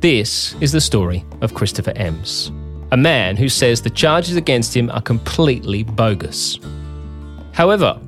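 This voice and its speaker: A man narrating a documentary in a measured, scripted way. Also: medium pitch, lively intonation, a bit bright, soft background music. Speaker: documentary host.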